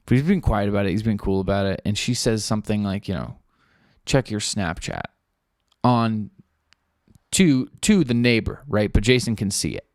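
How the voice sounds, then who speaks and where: A young man hosts a podcast in casual, rambling talk, loaded with fillers and swearing. His voice sits slightly low. The recording is dry and close, with no room sound. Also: a little fast, no room sound. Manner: loose, rambling, lots of fillers and profanity; acts out quoted people in a flat offhand voice. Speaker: podcast host. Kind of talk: casual storytelling chat.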